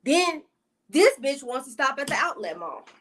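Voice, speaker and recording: A woman vlogger spins a casual storytime in a fairly high voice. She curses freely, piles on slangy asides and sounds thoroughly exasperated. Now and then she breaks off to greet her viewers. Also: big pitch swings, normal speed, a bit bright.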